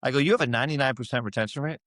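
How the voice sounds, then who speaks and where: A man's voice: medium pitch, racing, a bit bright, no room sound. A middle-aged man telling a personal story in a casual interview, acting out the voices of people he quotes. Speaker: podcast guest.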